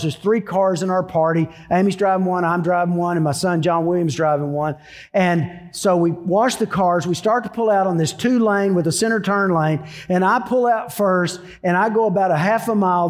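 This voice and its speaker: Man, middle-aged, preaching, folksy storytelling, fairly high voice. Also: big-room sound. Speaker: pastor. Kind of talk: sermon.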